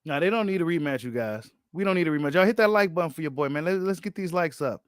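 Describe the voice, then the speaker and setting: A man hosting a boxing channel, giving casual, animated reaction commentary full of slang and repeated phrases. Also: fairly high pitch, fast, clean tone, no room sound, clean studio sound.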